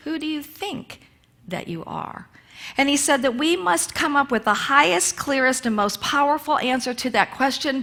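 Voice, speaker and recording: A woman's voice: mid-range voice, sharp tone. A woman minister giving a conversational sermon in a church, repeating key phrases for emphasis. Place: church sanctuary.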